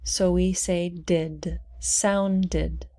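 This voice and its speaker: Woman, English teacher, very slow, over-articulated, repeats words, young adult. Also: mid-range voice, a little mellow. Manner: over-articulates each word, repeating it twice. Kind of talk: slow, deliberate pronunciation lesson.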